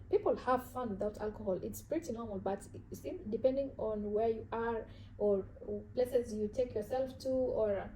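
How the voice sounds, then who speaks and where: A woman with an African accent talks straight to her viewers in a relaxed vlog. Her voice sits a little high and sounds mellow and soft. She speaks earnestly and thinks aloud, often restarting and repeating words. A faint hum stays in the background. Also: poor audio. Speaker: vlogger. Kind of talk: casual talk to camera about self-growth.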